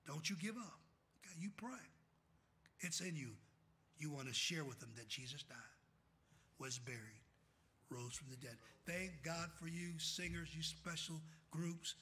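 High, bright-voiced preaching man. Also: lively intonation, a little slow, pauses often, slight background noise. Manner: calls out "what?" for the congregation to fill in scripture; swings from shouting to soft and quiet. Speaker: pastor. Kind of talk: fiery sermon.

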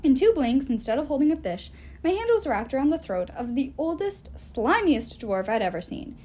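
A woman reading a novel aloud in expressive first-person narration. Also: high-pitched, moderate pace. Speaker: audiobook reader.

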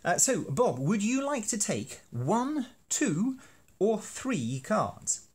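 A man's voice: high-pitched, sing-song, slow, a little mellow, breathy edge. A man explaining a teaching card game in a playful, self-deprecating, hammy way. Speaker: university lecturer making teaching videos. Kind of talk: educational explainer.

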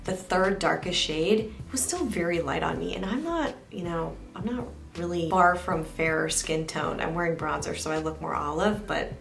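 A woman's voice: lowish voice, normal speed, gravelly, few pauses, a bit bright. Chatty woman reviewing makeup. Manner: chatty and candid, talks straight to viewers. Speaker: beauty reviewer. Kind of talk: casual product review vlog.

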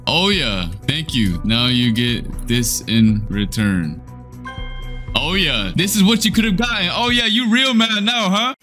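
A man's voice: fairly high pitch, big pitch swings, unhurried, pushed and bright. A young man giving casual, playful gameplay commentary, teasing other players with slang and frequent laughter. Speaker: gaming video creator. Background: faint background music.

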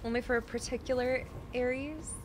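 A young woman streaming a video game, chatting with her viewers, swearing and yelling at the game, then apologizing and teasing herself. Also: high voice, steady tone, fairly quick, background noise. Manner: self-mocking, teasing chat. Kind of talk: casual live gameplay commentary to chat.

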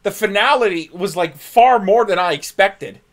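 A man's voice: sits high, animated, moderate pace. A young man co-hosting a movie reaction, chatting casually and enthusiastically with laid-back slang. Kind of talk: casual chat.

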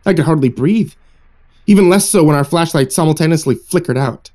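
A man narrating a horror story in a hushed, suspenseful storytelling manner. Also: a little high, brisk. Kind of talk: scripted narration.

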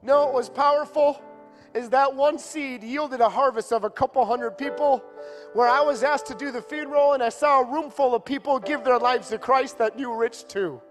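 A man preaching a sermon in a church, telling a personal story with deep emotion and building to impassioned pleading. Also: moderate pace, big-room sound, faint music behind.

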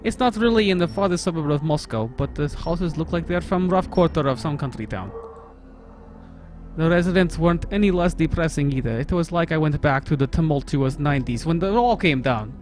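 A man's voice: a little high, lively intonation, brisk, darkish tone, faint music behind, lightly acted. A man putting on a comic Russian accent and broken English, reading a game's story aloud as a let's play host. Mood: hammy. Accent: put-on Russian. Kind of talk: comedic game reading.

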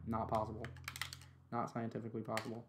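A man's voice: fairly low pitch, monotone, fast talker, background noise. A tired man giving laid-back, joking live-stream commentary while he plays a game, swearing and chuckling often.

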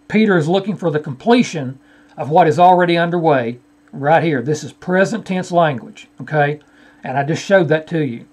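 A man's voice: a little high, normal speed, darkish tone, husky. A man teaching from a shared screen, arguing a scripture point and addressing his opponent directly. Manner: argumentative, repeatedly addressing an opponent by name. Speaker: Bible teacher. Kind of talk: screen-share Bible study rebuttal.

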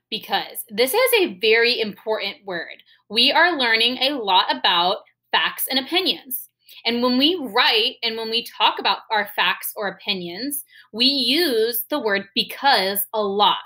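A woman teacher leading a sight-word lesson for young children, talking clearly and spelling words out letter by letter. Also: a little high, pushed and bright. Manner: slow, clear, enunciating and spelling words aloud for kids.

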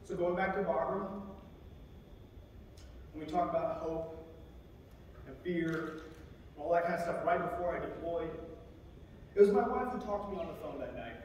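Man, chaplain preaching, high voice, conversational sermon, acts out quotes, distant mic in a very echoey chapel. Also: moderate pace, long pauses, a little mellow, slight background noise. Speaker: military chaplain. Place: large chapel.

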